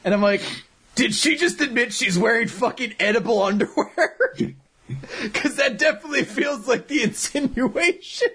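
A man's voice: very high voice, normal speed, bright, forceful tone, breathy edge. A man co-hosting a casual chat, riffing crude jokes and laughing often. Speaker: podcast co-host.

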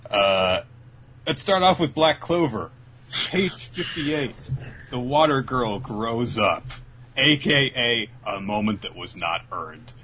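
Male podcast host, bright tone, animated delivery, dry humour when recapping. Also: medium pitch, takes it slowly, a little hiss or hum, poor audio. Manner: dry, mock-exasperated summarizing. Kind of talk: casual manga recap chat.

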